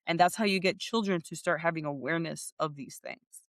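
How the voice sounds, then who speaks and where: A woman's voice: low voice, a little fast, no room sound, clean studio sound. A woman co-hosting a parenting podcast, talking casually and animatedly, often laughing as she tells stories. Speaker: podcast co-host. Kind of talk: casual chat.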